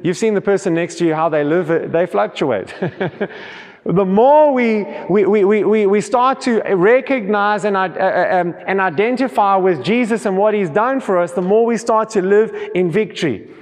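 A man with a high voice preaches a sermon, reading scripture aloud. He often restarts and repeats his words as he goes. His voice carries a long reverberation from the hall. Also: normal speed.

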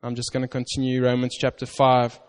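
A man preaching a sermon, reading scripture slowly and earnestly with stress on "you", often restarting his words. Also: medium pitch, monotone, smooth. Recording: long hall reverb.

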